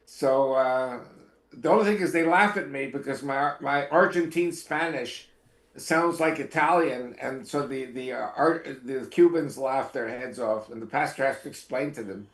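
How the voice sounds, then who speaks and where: A man's voice: medium pitch, moderate pace. Man with earnest, wry talk in an echoey room. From Israel. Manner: earnest, wry asides, hesitant fillers. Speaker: guest. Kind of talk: casual interview talk.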